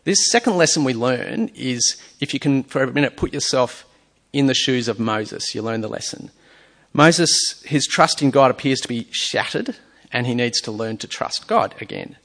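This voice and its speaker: Male preacher, gravelly voice, mid-pitched, earnest sermon, scripture reading, rhetorical questions. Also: lively intonation, normal speed, fairly bright tone. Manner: reads scripture aloud between explanations. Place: church or hall with a screen.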